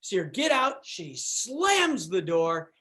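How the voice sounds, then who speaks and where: A man guest on a podcast telling a story in a casual, animated way, acting out what people said and using lots of fillers. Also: high-pitched, slow pace. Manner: animated, acts out quotes, fillers.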